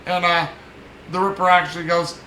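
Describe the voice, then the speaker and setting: A man's voice: high-pitched, little pitch movement, normal speed, sharp tone, reverberant, a little hiss or hum, rough recording. A man hosting a casual film review, rambling and chuckling between frequent fillers and restarts. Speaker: film podcast host.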